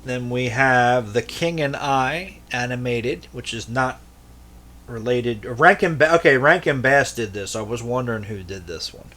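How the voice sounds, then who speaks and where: A man's voice: medium pitch, a little slow, bright, forceful tone. A man casually showing off his tape collection, rambling and swearing freely between jokes. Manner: rambling, profane and jokey. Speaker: VHS collector vlogger. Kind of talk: casual show-and-tell.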